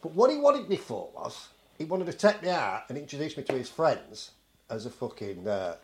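A man's voice: medium pitch, big pitch swings, moderate pace, slight background noise. A middle-aged man from England telling a story in casual chat, swearing a lot and acting out the people in it. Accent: English. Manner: swears constantly, acts out the people in his story. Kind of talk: casual anecdote.

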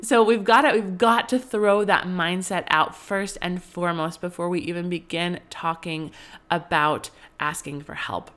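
A woman in her thirties speaks in a slightly low voice as a podcast host. She gives advice in an earnest, reflective, chatty way. She often stops to add fillers as she thinks aloud. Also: steady tone, measured pace, fairly bright tone. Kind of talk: casual advice talk.

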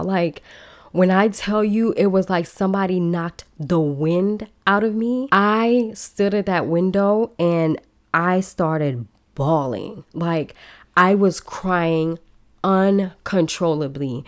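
A woman in her thirties hosting a podcast, telling her own life story in an emotional, animated way and speaking straight to her listeners. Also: lowish voice, slow pace.

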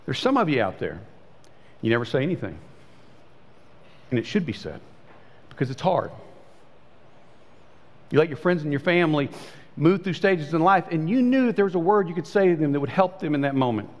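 A pastor preaching a sermon in a conversational way, his voice swinging between high and low. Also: expressive, fairly quick, long pauses. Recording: long hall reverb.

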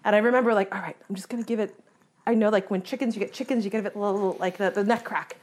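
A woman telling a story as a guest in a conversation, animated, laughing often and acting out her own reactions. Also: mid-range voice, very fast. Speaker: guest hunter.

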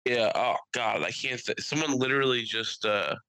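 A man's voice: mid-range voice, moderate pace, smooth, no room sound, low-quality recording. A man co-hosting a casual podcast, telling stories with lots of energy and slipping into exaggerated impressions. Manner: animated storyteller, slips into exaggerated impressions. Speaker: podcast co-host.

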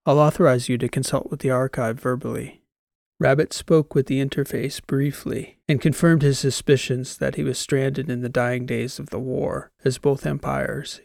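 A male audiobook narrator with a deeply gravelly voice. He tells the story steadily and plainly, in a dry, close recording. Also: a little mellow, no room sound. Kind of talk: scripted narration.

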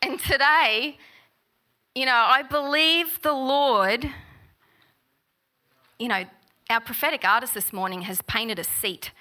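A middle-aged woman preaching a sermon, telling personal stories and reading scripture slowly. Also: high-pitched. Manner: warm, personal storytelling with gentle laughs; slow, unhurried reading of scripture.

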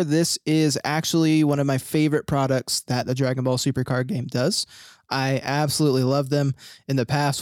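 A man's voice: mid-range voice, smooth, no echo, studio quality. A young man, hosting a casual chat and telling stories with lots of laughter. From Philadelphia area, USA. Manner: animated storyteller, laughs often, lots of fillers. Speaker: podcast host.

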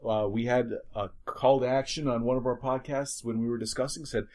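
A man's voice: medium pitch, steady tone, brisk, warm tone. Guy co-hosting a podcast, rambles and restarts a lot, easygoing. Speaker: podcast co-host. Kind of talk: casual chat.

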